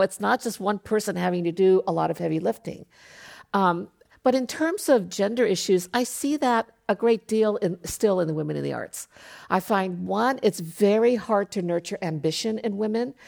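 Woman, middle-aged, arts organization president, panel talk, earnest, measured, gravelly voice, middle pitch. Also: darkish tone. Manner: measured and earnest, with frequent fillers. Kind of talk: panel discussion.

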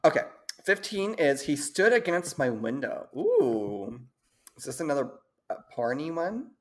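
Woman, casual co-host, reads horror stories aloud, quick to laugh, stumbles over long words. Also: low voice, wildly swooping pitch.

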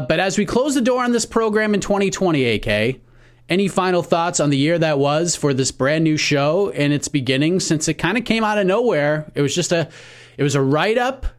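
A man co-hosting a sports podcast, talking in an upbeat, casual way with some fillers as he wraps up the show. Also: a little high. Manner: upbeat, sign-off patter with fillers. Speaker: podcast co-host.

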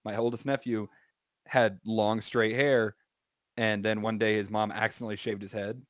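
A man co-hosting a podcast, telling a drawn-out high school story in a relaxed, rambling way with lots of fillers. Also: dry recording, studio quality. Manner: drawn-out anecdotes with many fillers. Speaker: podcast co-host. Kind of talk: casual storytelling chat.

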